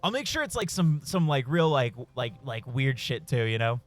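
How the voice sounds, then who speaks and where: A man's voice: medium pitch, big pitch swings, normal speed, faint music behind. A man streaming a game, rambling through a story in casual, profane chat with frequent chuckles. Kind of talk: casual storytelling while gaming.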